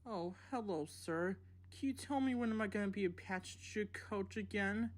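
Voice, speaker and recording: A woman voicing a fussy, easily offended old female railway coach in a children's audio story, speaking high and sulky. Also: normal speed, close to an everyday voice. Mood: sad.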